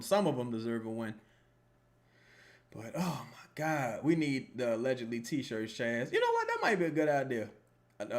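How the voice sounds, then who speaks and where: Animated, joking man reacting to a game. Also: medium pitch. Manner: animated, joking, profane and rambling. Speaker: fan watching a basketball game live. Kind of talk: casual live game reaction commentary.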